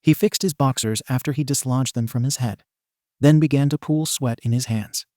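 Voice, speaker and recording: A man's voice: medium pitch, normal speed, darkish tone, no room sound, studio quality. A man narrating a comic story in a wry, playful way.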